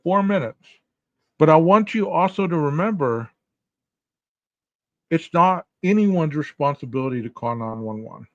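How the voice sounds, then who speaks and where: A man talks through his podcast in a casual, rhetorical way, turning questions straight to his listeners. His voice sits a little high. The recording is dry and a bit dull, close to the mic. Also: animated, normal speed, dry recording. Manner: rhetorical, addresses listeners directly. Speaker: podcast host.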